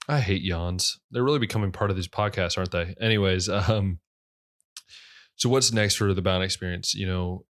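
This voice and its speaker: A young man hosting his own podcast, talking casually in a low radio voice, rambling with many fillers and restarts. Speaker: podcast host. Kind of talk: casual solo podcast talk.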